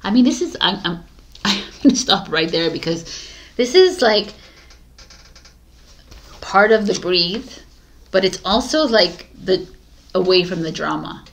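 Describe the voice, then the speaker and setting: A woman talking through a tarot reading in a casual, animated way, coaching her viewers and laughing often. Her voice sits in a middle range. She sounds like she's recording at home into a desk mic. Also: mid-range voice, a little slow, vocal fry, pauses often. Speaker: tarot reader.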